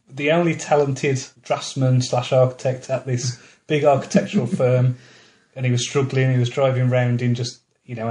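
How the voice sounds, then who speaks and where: A man's voice: mid-range voice, a little mellow. A man co-hosting a podcast, chatting casually about films he has just watched and often laughing. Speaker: podcast co-host. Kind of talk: casual film review chat.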